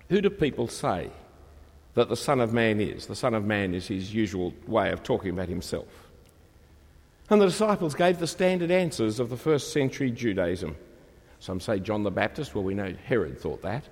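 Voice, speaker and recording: A man delivers a sermon with a husky, gravelly voice that swings widely in pitch. He presses his points with rhetorical questions to the congregation. The sound carries the long reverb of a large church. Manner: rhetorical, emphatic, asks questions of the listeners. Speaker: preacher.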